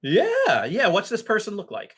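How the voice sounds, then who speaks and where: A man narrating a tabletop game as game master, telling the story in an unhurried way with many fillers. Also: high voice, wildly swooping pitch, fairly bright tone, breathy edge.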